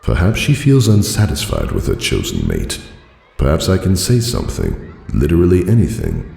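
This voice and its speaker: Very deep, gravelly male narrator. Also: huge pitch swings, normal speed, mellow. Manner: dry, formal storytelling delivery. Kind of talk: fan audiobook reading. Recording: roomy reverb.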